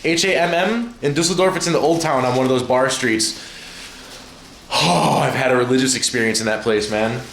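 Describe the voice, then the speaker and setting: A man streaming from home, chatting casually, excitable and profane, rambling from one thing to the next. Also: medium pitch, a little fast, vocal fry, echoey room, a little hiss or hum. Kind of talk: casual livestream chat.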